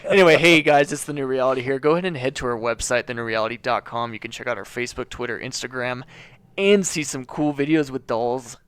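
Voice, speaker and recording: A man's voice: mid-range voice, fairly even intonation, racing, few pauses, fairly bright tone, clear, resonant tone, dry recording. A man co-hosting a paranormal podcast, chatting loosely and swearing casually, with lots of ums and restarts. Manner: loose and profane, with frequent fillers and restarts. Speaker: podcast co-host.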